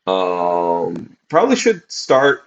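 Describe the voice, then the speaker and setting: Man, 40s, very low gravelly voice, rambling profane chat, tired, dull lo-fi stream audio. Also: huge pitch swings, slow. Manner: rambling, profane, many fillers. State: tired, fasting. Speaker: podcast host. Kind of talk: casual livestream chat.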